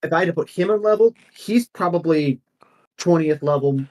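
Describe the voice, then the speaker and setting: A man's voice: a little high, moderate pace, darkish tone. A man running a tabletop game as game master, chatty and laughing.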